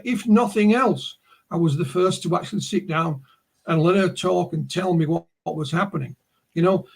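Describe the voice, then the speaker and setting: On a video call, a Yorkshire guest with a high, breathy-edged voice and vocal fry tells stories in casual conversation. He's from Yorkshire, England, and his rambling tales are full of restarts.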